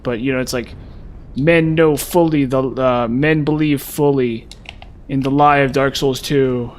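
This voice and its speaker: A man's voice: mid-range voice, fairly even intonation, a little slow. Frustrated male game streamer, self-mocking. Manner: frustrated, self-mocking, breaks into loud exasperated outbursts. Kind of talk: live gameplay commentary chatting with viewers.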